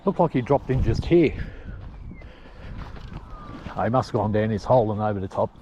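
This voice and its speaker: A man's voice: on the low side, animated, normal speed, a little hiss or hum. Man out ferreting on a hillside. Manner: chatty, talks to his dogs and ferrets, shouts calls. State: sweaty from climbing hills. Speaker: ferreter filming his hunt. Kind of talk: casual outdoor commentary. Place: outdoors on a hillside.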